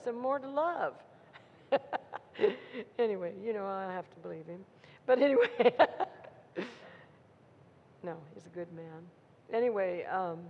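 A woman's voice: medium pitch, darkish tone. A woman preacher giving an informal sermon, retelling a story in a folksy, conversational way and asking her listeners "Amen?". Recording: dull audio in a reverberant hall, faint noise.

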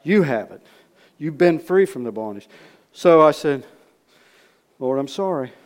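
A man preaching in a storytelling way, folksy and repetitive, swinging from loud re-enactment to hushed asides. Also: a little high, lively intonation, normal speed. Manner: repeats words, folksy speech. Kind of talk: storytelling sermon.

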